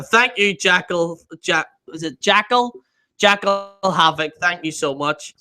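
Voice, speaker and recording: An excitable man hosting a live stream, with a high voice and a very bright, forceful edge to it. He reads out comments, laughs a lot, swears freely, and often stumbles over names or trails off mid-thought. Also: slow pace. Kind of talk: casual live-stream chat, reading viewer comments.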